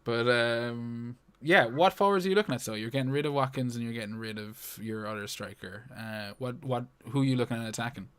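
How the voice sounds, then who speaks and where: A man's voice: mid-range voice, brisk, hardly any pauses, clean tone. Man, podcast co-host, casual chat, laid-back, swears a lot, plenty of fillers.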